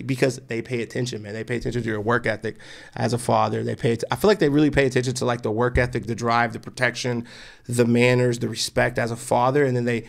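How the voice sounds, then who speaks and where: A man in his forties tells a personal story on a podcast, earnest and candid. His voice is gravelly, sitting at an ordinary pitch for a man. He slips into the voices of the people in his story as he goes. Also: quick pace. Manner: animated, acts out the voices of people in his stories; emotional, earnest. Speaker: podcast guest.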